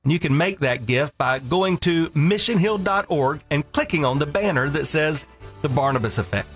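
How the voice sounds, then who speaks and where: A man's voice: on the high side, animated, normal speed, a bit bright. A male pastor reading a scripted radio appeal for donations in a friendly, earnest way. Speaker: lead pastor. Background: faint music bed.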